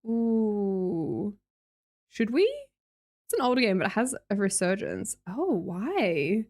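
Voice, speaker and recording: A woman's voice: mid-range voice, big pitch swings, slow pace, darkish tone. Bubbly Australian woman streamer. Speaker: live streamer. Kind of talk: casual chat reading out viewer messages.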